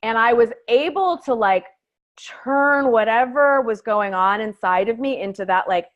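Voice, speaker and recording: A woman comedian telling a story in a casual interview, animated and swearing, often saying "like". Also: a little high, moderate pace, muffled recording. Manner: animated, swearing, heavy use of "like". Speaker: stand-up comedian, guest.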